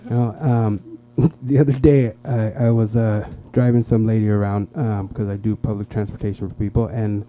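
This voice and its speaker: A young man doing stand-up at an open mic in a small comedy club, telling stories chattily with halting restarts and squeaky impressions of other people. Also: level tone, warm tone. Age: young adult. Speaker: stand-up comic.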